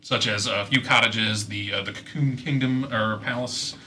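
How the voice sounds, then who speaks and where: A man's voice: fairly low pitch, fairly even intonation, normal speed, bright, forceful tone, slight background noise. A man narrating as dungeon master of a tabletop game, loose and full of fillers.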